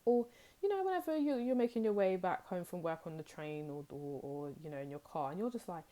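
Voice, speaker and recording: A woman's voice: lowish voice, sing-song, fairly quick, dark tone. A young woman gives a casual tarot reading. She talks in a chatty, rambling way and acts out people's reactions. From United Kingdom. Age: young adult. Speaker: tarot reader.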